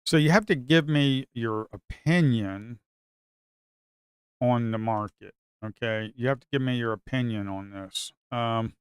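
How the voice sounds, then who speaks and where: A man's voice: mid-range voice, measured pace, clean tone, no echo, clean studio sound. Blunt, profane male day trader. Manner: blunt, profane, repeats himself, grows exasperated. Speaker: day trader streaming live. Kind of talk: casual live commentary while trading.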